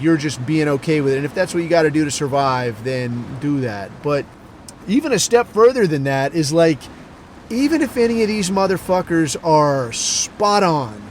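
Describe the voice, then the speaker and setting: Brief: profane male podcast host, rambling storyteller, slightly high voice, faint traffic outside. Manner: crude, rambling, heavy swearing, deadpan asides. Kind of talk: profane casual storytelling monologue.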